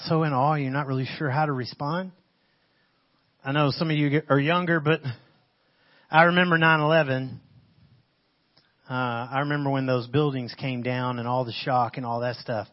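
A man giving a casual, animated sermon, retelling a scripture passage in everyday slang. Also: mid-range voice, normal speed, pauses often. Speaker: preacher. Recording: muffled lo-fi audio.

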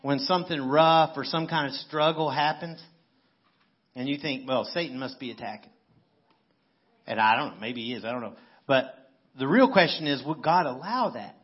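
Male pastor, conversational sermon delivery, husky tone, slightly muffled church recording. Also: medium pitch, moderate pace, pauses often. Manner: conversational, animated storytelling with playful asides. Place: church sanctuary. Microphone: handheld microphone.

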